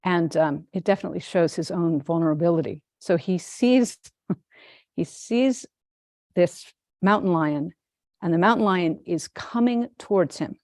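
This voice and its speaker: A woman, a Zen teacher, giving a dharma talk in an unhurried, gently amused storytelling manner. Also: fairly low pitch, no room sound, studio quality.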